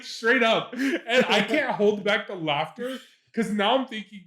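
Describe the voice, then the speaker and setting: A young man co-hosting a podcast chats casually, laughing as he tells stories and swearing freely. His slightly higher, somewhat bright voice is unhurried with few pauses, though he speeds up once a bit gets going. The recording is roomy and echoey.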